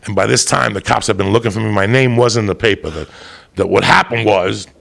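A man telling a long, profane story in a loose monologue, animated and jumping into loud voices for the people he quotes. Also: on the low side, fairly quick. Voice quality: gravelly.

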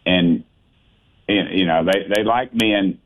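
A man talks in a folksy, blunt, plainspoken way. His voice is very low. He comes through a tinny, narrow phone line. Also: slow. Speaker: congressman, radio guest. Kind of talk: phone-in radio interview.

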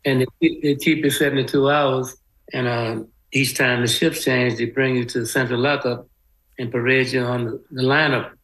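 A man's voice: mid-range voice, little pitch movement, moderate pace, a bit bright, poor audio. A man in a casual interview, telling stories from his past in a loose, rambling way with many "you know"s and a lilt. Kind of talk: casual storytelling.

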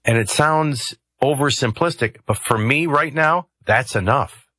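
A man's voice: mid-range voice, a little slow, pushed and bright, breathy edge, no echo. A man hosting a talk radio show, commenting conversationally with rambling asides and hesitations into a studio microphone.

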